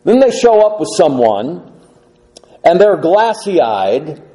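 A middle-aged man preaching a sermon, earnest and measured, asking the listeners rhetorical questions. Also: on the high side, sing-song, warm tone, low-quality recording. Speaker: pastor.

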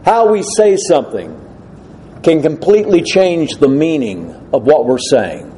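A man's voice: a little high, big pitch swings, measured pace, warm tone, a little hiss or hum, rough recording. A male preacher giving an earnest, emphatic expository sermon laid out in numbered points.

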